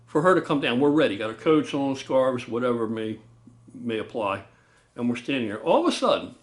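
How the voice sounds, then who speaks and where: Male storyteller, slightly high voice, very lively delivery, casual ghost-story telling with shouted sound effects. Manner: animated, loud booming sound effects, swears.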